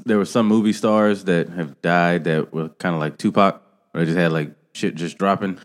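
Male podcast co-host, low voice, dry and teasing, laid-back. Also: steady tone, normal speed. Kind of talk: casual chat.

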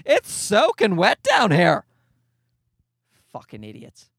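A man's voice: high voice, huge pitch swings, takes it slowly, gravelly, a bit bright, slightly rough, dry recording, studio quality. A man in his thirties hosting a podcast, ranting in a casual comedic way, exasperated and profane, rambling with restarts. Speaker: podcast host.

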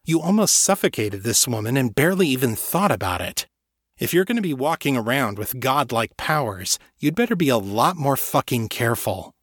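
A man's voice: medium pitch, big pitch swings, moderate pace, a bit bright, no echo, clean studio sound. A man voicing an awkward young man with godlike powers, stammering and apologetic. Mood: wry.

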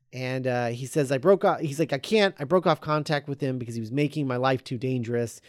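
A man's voice: mid-range voice, fairly quick, hardly any pauses, dry recording, clean studio sound. A man chatting casually, retelling a script scene by scene with many fillers and quoted lines. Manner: rambling with many fillers, quoting characters in a flat relaying voice.

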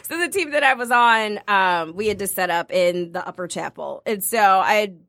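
A young woman co-hosting a casual chat, telling a story with animated, acted-out dialogue. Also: mid-range voice, moderate pace, dry recording. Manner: animated storyteller, acts out quoted dialogue, laughs often. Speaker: podcast co-host.

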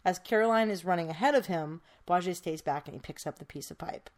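A woman's voice: fairly low pitch, fast talker, a little mellow. Chatty woman telling a true crime case. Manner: chatty, many fillers like "kinda" and "um". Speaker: podcast host telling the case. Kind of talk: casual true crime storytelling.

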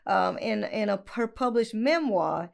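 Gravelly woman telling a story with gusto. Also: mid-range voice, unhurried. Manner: animated storyteller, acts out quotes, laughs often; talking while eating bread. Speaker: podcast co-host. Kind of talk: casual chat, storytelling.

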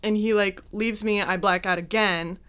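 A young woman casually telling a personal story, chatty and quick to laugh at her own mishaps. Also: mid-range voice, steady tone, bright, forceful tone, clean tone.

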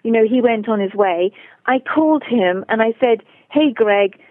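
An English woman with a fairly high voice tells adventure stories as a guest, bright and animated, and she slips into other people's voices as she quotes them. The sound is tinny and dry, like a phone line with no room around it. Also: normal speed, no room sound. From England. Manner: animated storyteller who acts out quoted voices. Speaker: guest, author and long-distance horse rider. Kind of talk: casual storytelling interview.

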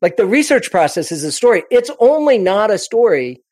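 A man with a slightly high voice talks through presenting in an animated, expressive way, often restarting his sentences mid-thought. His voice is recorded dry and close, with no room sound around it. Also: fairly quick, dry recording. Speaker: presentation coach guest. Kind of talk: conversational podcast interview.

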